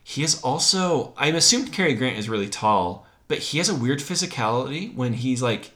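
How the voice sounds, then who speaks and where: A man co-hosting a casual film discussion podcast, animated and laughing often as he acts out scenes. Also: medium pitch, normal speed. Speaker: podcast co-host.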